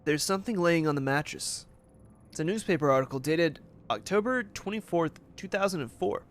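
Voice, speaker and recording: A man's voice: on the high side, animated, brisk. A man doing casual, joking let's play commentary and reading game text. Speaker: gamer.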